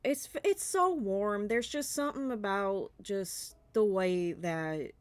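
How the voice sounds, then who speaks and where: Speaking slowly in a mid-range voice, this Southern streamer and artist chats loosely during a Q&A, giggling and filling pauses as she rambles.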